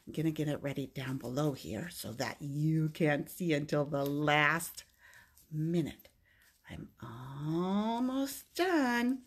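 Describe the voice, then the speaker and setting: Husky librarian lady doing kids songs, bouncy sing-song, slow and lively. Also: low-pitched. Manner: sing-song, animated, with excited gasps and whispers. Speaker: children's librarian. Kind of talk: children's storytime with songs.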